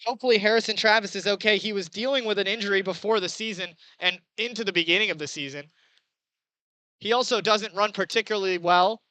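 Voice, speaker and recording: A young man doing chatty baseball play-by-play commentary, getting excited on big plays. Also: sits high, fast talker, no room sound, low-quality recording. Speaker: play-by-play announcer.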